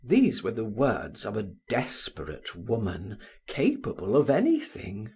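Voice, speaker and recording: An audiobook narrator reading a classic novel aloud in a slow, expressive way. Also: slightly rough. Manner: slow, expressive reading with wide pitch swings.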